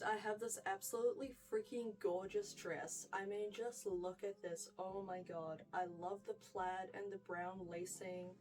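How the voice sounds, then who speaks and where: A woman's voice: medium pitch, a little mellow, distant mic, low-quality recording. A young woman with a New Zealand accent giving a chatty, gushing wardrobe tour, full of "like" and "freaking". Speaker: fashion vlogger.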